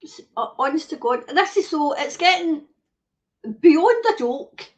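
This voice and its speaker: A woman's voice: sits high, lively intonation, a little slow. A woman hosting a live stream, ranting bluntly and swearing heavily while reading viewer comments. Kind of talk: casual ranting chat. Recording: dull lo-fi stream audio.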